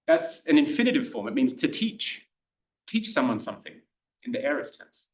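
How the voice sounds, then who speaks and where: Casting: Australian male tutor, middle pitch, chatty and halting, recorded from across an echoey room. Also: animated. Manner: chatty, hesitant, many fillers and restarts. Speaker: Greek tutor giving a lecture. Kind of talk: informal lecture. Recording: roomy lecture room, mic at a distance.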